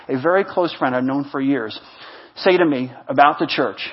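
Man pastor preaching, husky voice. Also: a little high, animated, normal speed, dull audio. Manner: swings between loud exhortation and hushed, intimate repetition. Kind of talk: sermon.

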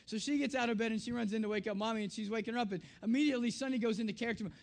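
A man preaching in a storytelling style, acting out family dialogue with animated voices and dropping soft and low on tender, reflective lines. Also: racing, vocal fry, few pauses. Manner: animated, acts out his daughter's lines in a raised voice. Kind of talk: storytelling sermon.

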